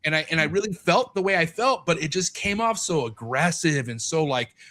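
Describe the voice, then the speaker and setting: A man's voice: fairly high pitch, expressive, brisk, bright, forceful tone. A man in his thirties talking as a podcast guest in casual chat, candid and swearing freely, acting out what people said to him.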